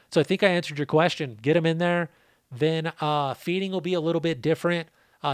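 Man, podcast host, worn-out voice, slightly high pitch, dry close sound. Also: no room sound. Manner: profane, laid-back, rambling. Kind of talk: casual podcast Q&A.

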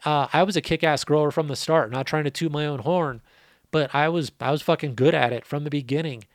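A man's voice: on the high side, fairly quick, no echo, studio quality. A man hosting a casual podcast, answering listener questions in a laid-back, profane, rambling way, his voice worn out. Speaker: podcast host.

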